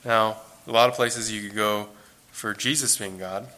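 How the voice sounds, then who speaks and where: Man, Bible teacher, low flat voice, bright tone, earnest and conversational. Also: moderate pace. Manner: earnest, conversational, repeats phrases for emphasis.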